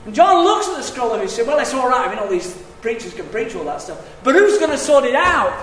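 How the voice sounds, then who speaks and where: Animated preacher in an echoing hall. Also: male voice, extremely high pitch, quick pace, slight background noise. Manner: animated, swings between hushed asides and loud emphatic declarations. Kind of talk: sermon. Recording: echoey hall, distant mic.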